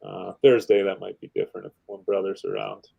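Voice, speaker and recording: A man's voice: low-pitched, monotone, fairly quick, vocal fry, husky, narrow, tinny audio. A man hosting a casual livestream show, chatting in a laid-back, rambling way with lots of fillers. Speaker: podcast host.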